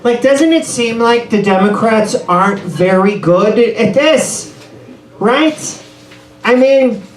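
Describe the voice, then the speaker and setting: A man doing a rambling, self-deprecating stand-up set in a bar, ad-libbing through the trouble. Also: high-pitched. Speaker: stand-up comedian. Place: bar comedy room. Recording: echoey room, mic far off.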